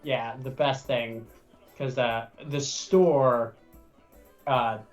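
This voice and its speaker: A man who plays in the campaign, recounting a table story in a halting way with fillers. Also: medium pitch, steady tone, distant mic, soft background music, rough recording. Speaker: player. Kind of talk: casual chat.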